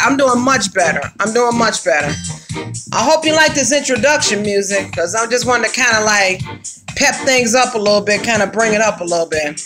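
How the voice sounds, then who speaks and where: A woman's voice: on the high side, expressive, normal speed, over music. A woman hosting her own livestream in a casual, upbeat way, greeting viewers by name and using slang. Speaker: livestream host.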